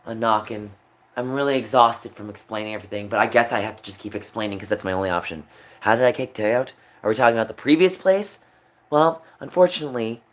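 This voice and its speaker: Streaming live, a man unloads in an emotional rant, his delivery shifting from quiet muttering up to a raised voice.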